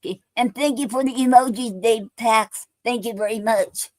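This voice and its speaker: A woman hosting a poetry livestream, reading her own poems slowly with many fillers and restarts. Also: on the high side, a little mellow, dry recording.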